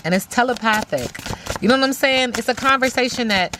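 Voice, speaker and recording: A woman's voice: a little high, fairly quick, noisy background. A woman giving a casual spiritual tarot reading, emphatic, talking aloud to spirit and repeating phrases. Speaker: tarot reader.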